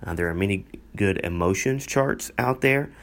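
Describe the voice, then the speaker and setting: A man, a pastor, hosting a solo marriage podcast and teaching in a calm, earnest way, repeating key points with frequent "uh" fillers. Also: fairly low pitch, normal speed.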